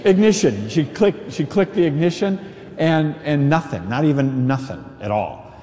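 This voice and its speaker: Male preacher, mellow tone, lively storytelling, echoing large hall. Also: on the high side, moderate pace, slight background noise. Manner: animated storytelling, acts out voices. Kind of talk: sermon with personal story.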